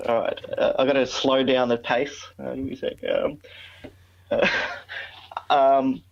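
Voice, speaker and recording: A man's voice: medium pitch, little pitch movement, measured pace, gravelly. A man with an Australian accent, a podcast guest chatting in an earnest, thoughtful way with frequent restarts. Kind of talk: casual chat. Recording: dull, lo-fi remote audio.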